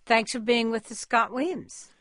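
A woman hosting a public radio interview, asking playful, lively questions. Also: fairly high pitch, unhurried, no echo, clean studio sound.

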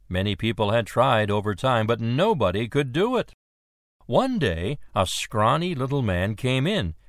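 A man slowly telling a numbered joke as a story. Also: medium pitch, no echo, clean studio sound. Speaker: joke narrator. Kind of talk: slow told joke narration.

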